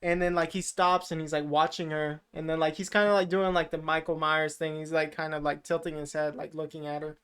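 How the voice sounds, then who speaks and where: A man's voice: fairly high pitch, flat delivery, brisk, few pauses, a bit bright, smooth. A man co-hosting a podcast, casually retelling a film plot in a rambling way, full of filler words and casual swearing. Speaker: podcast co-host. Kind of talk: casual movie recap chat.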